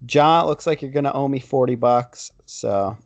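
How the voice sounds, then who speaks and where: A man's voice: mid-range voice, moderate pace, dry recording. A man co-hosting a casual sports podcast, easygoing as he steers the talk between topics. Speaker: podcast co-host.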